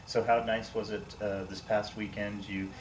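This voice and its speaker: Low steady guy asking questions, sounds far from the mic, faint noise. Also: normal speed. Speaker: sports show host. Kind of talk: interviewing. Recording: echoey room, mic at a distance, faint noise.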